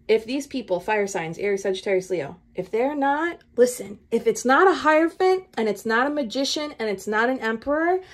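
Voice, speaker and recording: A woman giving a casual tarot reading, chatty and animated, talking straight to her viewers and laughing often. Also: on the high side. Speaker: tarot reader.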